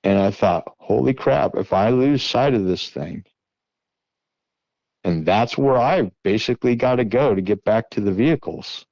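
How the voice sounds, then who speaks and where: Low-ish guy, middle aged, telling a tense story straight, dry close sound. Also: gravelly, dry recording, rough recording. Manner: earnest, tense retelling with shouted reenactments. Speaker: guest recounting an encounter. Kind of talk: first-person storytelling.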